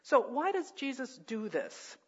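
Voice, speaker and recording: A woman's voice: high voice, very animated, unhurried, slightly rough, lo-fi sound. A woman preaching a sermon in a thoughtful, conversational way, with fillers and restarts.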